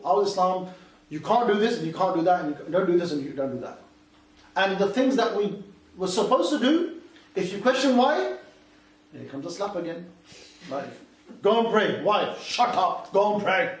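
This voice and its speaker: A man in his forties from England tells stories to a youth audience with a chatty, personal manner and quick asides to the listeners. His voice sits high for a man. He is picked up from far off in a strongly echoing hall. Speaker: Islamic youth speaker. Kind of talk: motivational talk to a youth audience.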